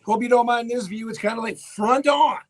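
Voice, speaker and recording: A man with a Newfoundland accent hosting a live radio show, hoarse and raspy from laryngitis, chatting casually and greeting viewers by name. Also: very high-pitched, brisk, faint music behind. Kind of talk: casual live-stream chat. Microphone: webcam setup for live video.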